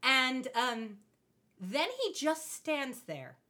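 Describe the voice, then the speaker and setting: Woman podcast co-host, casual recap chat, bright tense voice, animated and laughing. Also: high-pitched, very slow. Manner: animated, laughing, expressive storyteller.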